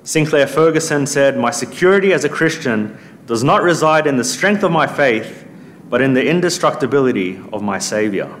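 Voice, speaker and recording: A man's voice: mid-range voice, animated, normal speed, fairly bright tone, a little hiss or hum. A man preaching a sermon in an earnest, emphatic way, lifting his voice when he quotes scripture.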